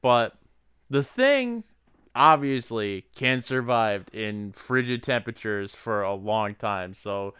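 A man's voice: medium pitch, lively intonation, slow pace, fairly bright tone, smooth, dry recording, studio quality. A man co-hosting a casual film recap chat, laughing often and swearing as he jokes. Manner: laughs often, profane, jokey. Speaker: podcast co-host.

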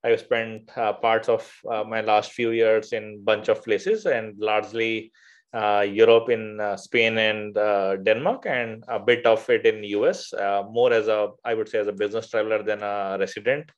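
A man from India speaks as an interview guest with a low-pitched voice. His delivery is halting, with frequent filler sounds and self-corrections. The recording sounds muffled and lo-fi. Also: fairly even intonation. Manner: hesitant, many filler uhs and restarts. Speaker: podcast guest, venture fund founder. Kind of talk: conversational interview.

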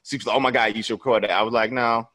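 A man's voice: medium pitch, fairly even intonation, racing, sharp tone. Laid-back man telling a rambling story. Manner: loose, rambling, peppered with "you know what I'm saying". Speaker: podcast host. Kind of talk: casual storytelling chat.

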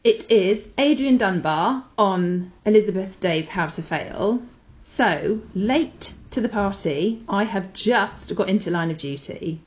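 A woman's voice: medium pitch, expressive, slow pace. A woman co-hosting a chatty podcast, talking with gushing enthusiasm about things she recommends. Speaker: podcast co-host. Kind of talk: casual chat with recommendations.

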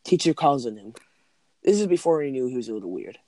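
A man's voice: medium pitch, very animated, fast, mellow, dry recording. A man in casual chat, rambling through school stories with lots of "like" and "um". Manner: rambling, heavy use of "like" and "um".

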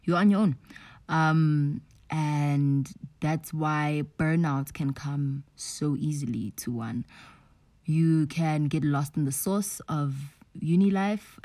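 A young woman hosts her own podcast in a low, mellow voice. She talks casually and candidly, full of slang, and now and then drops into a whisper to stress a point. The sound is close and dry. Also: dry recording. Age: young adult. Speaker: podcast host. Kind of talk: casual personal podcast monologue.

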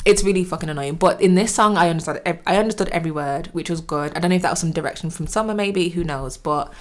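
A woman's voice: lowish voice, quick pace. A young woman co-hosting a casual music chat, opinionated and frank, swearing casually. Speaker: podcast co-host.

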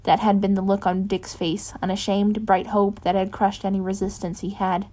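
Brief: woman narrator, mid-pitched, casual home reading of a story, fixes her stumbles as she goes. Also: little pitch movement, moderate pace, warm tone. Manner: unpolished, corrects her own slips. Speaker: reader. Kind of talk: reading fan fiction aloud.

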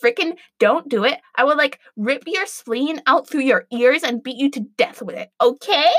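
A woman's voice: high voice, expressive, normal speed, dry recording, clean studio sound. A woman voicing a vain, spoiled queen who talks in petulant valley-girl slang. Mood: bossy.

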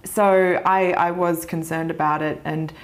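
Woman, Australian accent, thirties, casual interview chat, candid, laughing, slightly low pitch. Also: level tone, unhurried. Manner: candid, chatty, laughs often. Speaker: actress guest.

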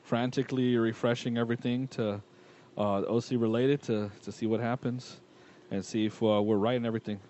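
Soft-spoken, laid-back man co-hosting. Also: mid-range voice, steady tone, a little fast, highs cut off, a little hiss or hum. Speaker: podcast co-host. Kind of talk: casual sports podcast chat.

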